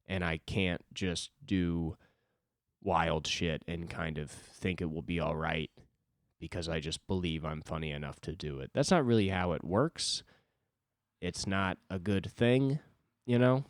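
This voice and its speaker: Sitting alone at his desk, this stand-up comic and podcast host rambles through a solo monologue, cursing freely and poking fun at himself in a loose way. His low-pitched voice stays fairly even and unhurried, captured in clean studio sound without echo.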